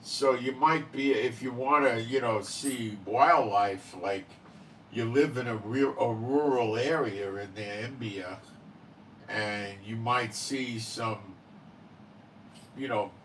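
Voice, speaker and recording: An Israeli man hosting his own channel speaks slowly in a mid-range, slightly bright voice, far from the mic on a rough recording with a little hiss or hum. His monologue rambles casually, full of fillers and "okay?" tag questions.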